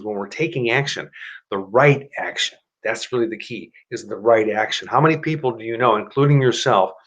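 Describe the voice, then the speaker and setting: A man hosting a live stream at his computer. He talks in a rambling, chatty way, corrects himself often, and shifts into a motivational pitch. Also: lo-fi sound. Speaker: host of a live stream show. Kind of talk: casual live-stream talk and self-help pitch.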